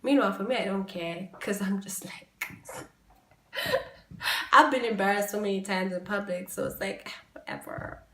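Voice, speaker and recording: Animated young woman telling a story. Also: mid-range voice, normal speed, pauses often, slight background noise. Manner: animated, swings between quiet and loud exclaiming; swears freely. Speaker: podcast host. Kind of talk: casual storytelling. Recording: echoey room.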